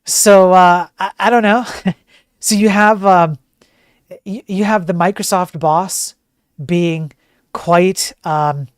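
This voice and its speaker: A man's voice: high-pitched, fairly even intonation, takes it slowly, pauses often, clear, resonant tone, no echo. Guy ranting on a stream, jokey and sarcastic, dry sound. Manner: sarcastic, joking. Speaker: host. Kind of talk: streamed commentary.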